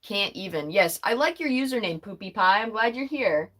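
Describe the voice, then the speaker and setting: A young woman hosts a relaxed livestream and talks in a loose, chatty way. She laughs often and keeps answering comments from her chat. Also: mid-range voice, moderate pace. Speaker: livestream host.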